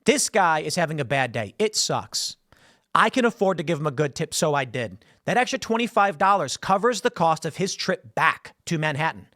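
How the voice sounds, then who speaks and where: Man, solo commentary host, storytelling, slightly high voice, dry close mic. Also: very animated, normal speed, pushed and bright, dry recording. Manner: conversational storytelling, acts out quotes.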